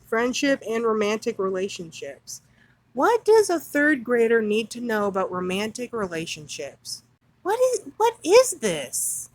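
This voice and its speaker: Woman, commentary host, higher register, dry close sound. Reads text, then rants in an indignant, sarcastic tone. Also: dry recording, rough recording. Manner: indignant, sarcastic, with scornful laughs. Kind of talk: reading aloud and ranting commentary.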